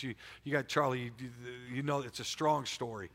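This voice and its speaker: Brisk and barely pausing, a mid-range male preacher delivers a casual, energetic sermon in a large church sanctuary. He frequently repeats phrases and trips over words, restarting them as he goes.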